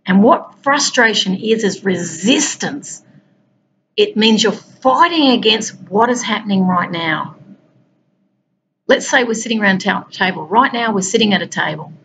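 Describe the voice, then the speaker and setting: Aussie woman chatting like a coach, talks right to you, middle pitch voice, bit of hiss behind. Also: lively intonation, moderate pace, fairly bright tone, poor audio. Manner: conversational, speaks directly to listeners. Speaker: peace and wellbeing coach. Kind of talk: informal motivational talk.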